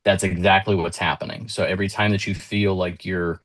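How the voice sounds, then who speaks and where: A man with a low voice gives an earnest motivational talk. He is in his thirties. Now and then he retells conversations with his child, shifting his voice a little for each part. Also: level tone, brisk, a bit bright. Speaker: motivational speaker.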